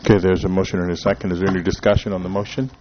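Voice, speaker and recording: A man chairing a city council meeting, calling motions and roll calls in a brisk procedural way. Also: deep voice, flat delivery, dull audio, noisy background.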